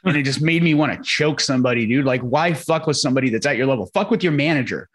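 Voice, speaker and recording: Chill guy on a podcast, mid pitch, wry and cussing a lot. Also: fast talker, a bit bright. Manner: laid-back, profane, wry. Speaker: podcast co-host. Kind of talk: casual chat.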